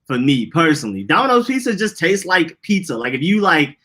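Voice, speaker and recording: A young man from Atlanta with an Atlanta accent talks in a bright, forward voice that sits a bit high for a man. He co-hosts a casual live-streamed podcast, animated and loose as he riffs and reads out chat comments. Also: fairly quick. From Atlanta, Georgia. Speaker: podcast co-host. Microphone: live stream setup.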